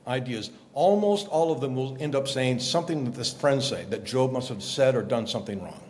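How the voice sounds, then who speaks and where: A man, a guest journalist, explaining scripture in a lively conversational way, acting out quotes as he tells the story. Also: mid-range voice, a little fast, a little hiss or hum. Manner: animated storyteller, acts out quotes. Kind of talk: conversational Bible teaching.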